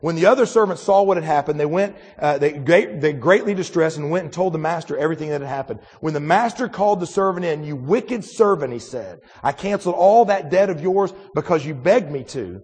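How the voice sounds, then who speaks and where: A man delivers a sermon in a conversational manner, stumbling through restarts and asking his congregation questions. His voice is somewhat high and slightly husky. A long reverb trails behind his words, as in a large hall. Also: expressive, a little fast, hardly any pauses, darkish tone. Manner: conversational preaching with many restarts and rhetorical questions. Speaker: pastor.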